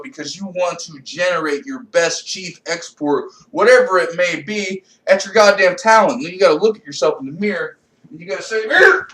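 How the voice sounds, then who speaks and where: Brief: young male comedian, high-pitched, profane rambling rant, recorded off-mic in an echoey room. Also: recorded from a distance. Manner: rambling, swings between low mutters and loud outbursts.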